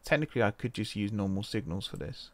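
With a fairly low pitch and a fast pace, and no room sound, a UK man hosts a let's-play of a computer game. His commentary is casual and thought out loud, full of mind-changes and self-corrections, and he's experiencing wrist pain.

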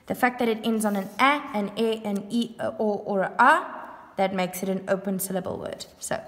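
A woman teacher giving a grammar lesson to young pupils, patient and sounding words out slowly. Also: medium pitch, fairly bright tone, a little hiss or hum. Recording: echoey room with long reverb.

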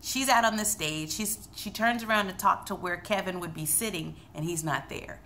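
A woman chatting to her camera at home, running through an episode scene by scene. Her voice is bright and edged with gravelly fry, sitting a bit low for a woman. A faint hiss sits under the recording. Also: moderate pace. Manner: chatty, retells scenes with quoted lines. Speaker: TV recap vlogger. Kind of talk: casual recap chat to camera.

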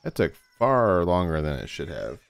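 A man with a very low voice that swings widely up and down as he comments on his gameplay. He gets excited, talks straight to the game and swears casually, with faint game music behind him. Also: moderate pace, gravelly. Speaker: let's play host.

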